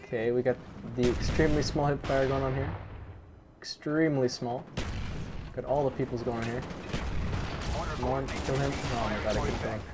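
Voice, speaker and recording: Young male gameplay commentator, mid-pitched, self-mocking and rambling, clear game gunfire behind. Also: fairly even intonation, normal speed, long pauses, noisy background. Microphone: desk microphone.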